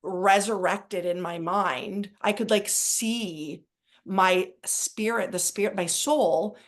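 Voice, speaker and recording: A woman's voice: medium pitch, takes it slowly. Woman podcast co-host, chatty and rambling, casual spiritual talk. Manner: rambling and excitable, heavy use of "like".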